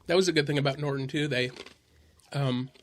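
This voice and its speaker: A man's voice: medium pitch, steady tone, brisk. A man hosting a podcast, telling stand-up road stories in a casual, profane way and laughing as he goes. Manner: profane, laughing, loud when acting out others. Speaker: podcast host and stand-up comedian. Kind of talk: casual storytelling chat. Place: podcast studio.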